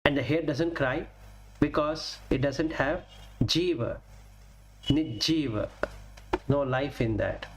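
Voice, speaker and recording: A man giving a Buddhist Dhamma talk as a teacher, deliberately naming Pali terms and explaining each in plain English with everyday examples. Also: a little high.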